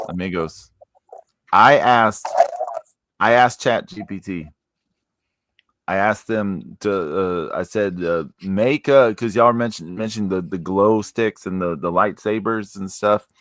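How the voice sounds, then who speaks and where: This is a man hosting a casual podcast chat, with a fairly low voice. He rambles and laughs a lot. His voice sounds dry and close, with no room echo. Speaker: podcast host.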